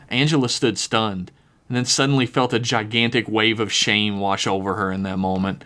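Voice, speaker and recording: A man's voice: lowish voice, fairly even intonation, moderate pace, fairly bright tone. A man hosting a podcast, narrating an improvised horror story with casual, wry asides. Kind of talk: improvised spoken-word fiction narration.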